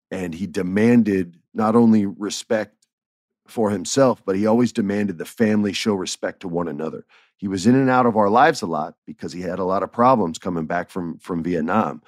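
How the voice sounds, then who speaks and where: A man's voice: low-pitched, dry recording, clean studio sound. A middle-aged man casually telling stories, acting out quoted lines and laughing often. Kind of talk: casual storytelling.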